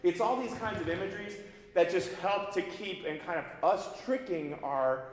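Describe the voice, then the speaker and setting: A man's voice: high voice, moderate pace. Man coaching singers in an echoey hall. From United States. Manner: lively, demonstrative, sings vocal examples mid-sentence. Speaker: voice teacher leading a master class. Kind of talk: coaching singers in a master class. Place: large recital hall. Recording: echoey hall recording from far off, faint piano.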